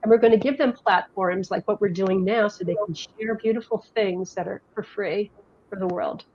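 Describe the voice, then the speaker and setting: A woman's voice: mid-range voice, moderate pace, darkish tone. A middle-aged woman from New Jersey talks as an interview guest, chatty and rambling with frequent restarts. The recording sounds dull and lo-fi. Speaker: guest, health education director. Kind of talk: conversational interview, storytelling.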